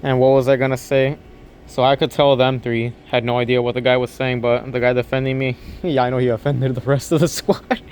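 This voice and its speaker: A young man talks straight to camera, retelling events in a loose, rambling way and often stopping to quote others. His voice sits at an ordinary middle pitch. A faint hum runs underneath. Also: flat delivery, a little fast, a little mellow. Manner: rambling retelling, quoting others, restarting sentences, laughing. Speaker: vlogger and overnight convenience store clerk. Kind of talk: casual storytelling to camera.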